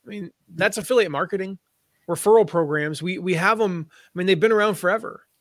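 A man's voice: high voice, a little fast, fairly bright tone, no echo, studio quality. A man guesting on an interview, explaining his ideas in a chatty, storytelling way and slipping into playful put-on voices. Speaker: guest, affiliate marketing expert. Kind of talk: conversational podcast interview.

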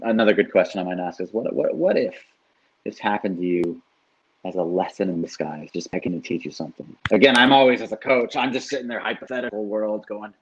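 A life coach with a fairly low voice talks in a casual, animated podcast conversation, swearing now and then and often asking "right?". The sound is lo-fi.

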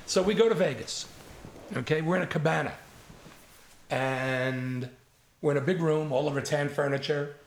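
Gravelly older man telling stories. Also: a little high, normal speed, pauses often, echoey room, a little hiss or hum. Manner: lively storyteller who imitates others and swears freely. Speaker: comedy writer guest. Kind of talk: casual anecdote telling.

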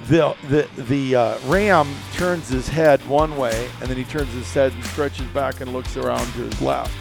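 Animated man telling a hunting story. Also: medium pitch, vocal fry. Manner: animated storyteller, acts out dialogue, many fillers and restarts. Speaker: podcast host. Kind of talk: casual hunting podcast chat.

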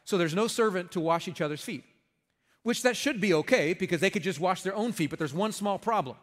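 A man's voice: high voice, lively intonation, brisk, long reverb tail. A man preaching a sermon in a conversational, emphatic way, with folksy humor. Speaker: pastor.

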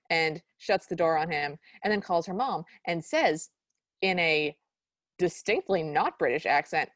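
A woman's voice: fairly low pitch, expressive, moderate pace, no echo. Sarcastic woman podcast co-host. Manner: sarcastic, exasperated. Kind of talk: casual chat recapping a movie.

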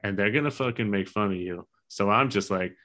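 A man in his thirties with a lowish, bright, forceful voice, chatting loosely on a podcast. He swears freely and keeps laughing through his stories. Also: fairly quick. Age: 30s. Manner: loose, profane, laughing storyteller. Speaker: podcast co-host. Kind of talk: casual chat.

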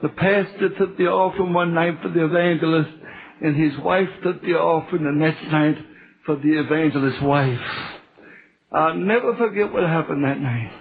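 A man preaching a testimony sermon with a Southern US accent, halting and repeating words, building to fervent shouts. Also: a little high, gravelly. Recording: tinny phone-like lo-fi recording.

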